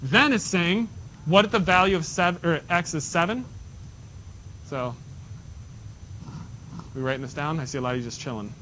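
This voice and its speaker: A male math teacher with a slightly high, bright voice and a forceful tone takes his class through problems step by step at a moderate pace, leaving long pauses. He makes joking asides along the way, captured in a dull lo-fi classroom recording with faint hiss.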